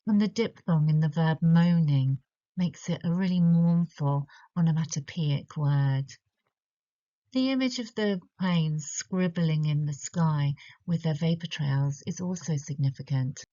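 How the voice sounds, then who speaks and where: A woman with a British English accent, giving a measured, explanatory literature lesson and slowing down to stress key words. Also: deep voice, mellow. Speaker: literature tutor. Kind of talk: recorded poetry analysis lesson. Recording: slightly dull lo-fi audio.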